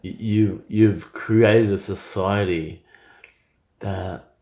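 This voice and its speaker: A man's voice: on the low side, fairly even intonation, extremely slow, warm tone, echoey room. A man in his forties talking in a rambling, profane monologue with frequent stammered repetitions. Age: 40s.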